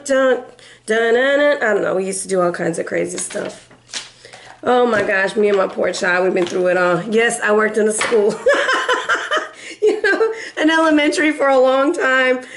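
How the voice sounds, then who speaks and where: A middle-aged woman giving a casual tarot reading, chatty and playful, who acts out quoted voices and breaks into snatches of song. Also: mid-range voice. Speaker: tarot reader and life coach.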